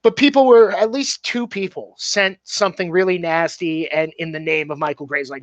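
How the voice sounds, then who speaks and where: A filmmaker guest, a man, tells stories casually, animated, swearing freely and speaking candidly. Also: fairly high pitch, moderate pace, dry recording. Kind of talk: casual storytelling. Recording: dull, dry, slightly muffled.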